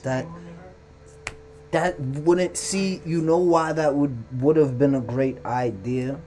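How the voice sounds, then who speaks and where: A man's voice: fairly high pitch, takes it slowly, faint music behind. A man hosting a live stream, ranting casually and profanely about relationships and social media. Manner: loose, profane, animated rants. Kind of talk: casual commentary monologue.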